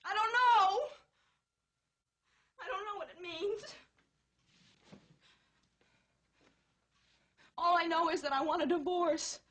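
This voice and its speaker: An actress playing an impulsive, emotional young newlywed wife, indignant and dramatic in a 1960s film comedy. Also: female voice, extremely high pitch, moderate pace, fairly bright tone, a little hiss or hum. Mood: tearful. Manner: indignant and dramatic, close to tears. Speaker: wife in a marital argument.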